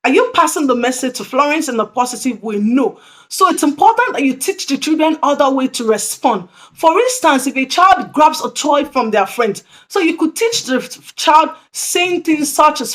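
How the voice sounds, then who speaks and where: A woman's voice: high voice, lively intonation, moderate pace. A woman presenting tips to early childhood educators, earnest and repeating her key points. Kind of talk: instructional talk to camera.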